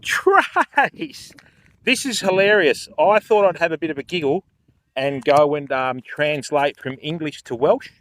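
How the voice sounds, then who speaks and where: Chatty older man, fairly high voice. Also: normal speed. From Australia. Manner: chatty, jokey, laughs often, addresses chat by name. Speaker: fishing livestream host. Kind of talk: casual livestream chat.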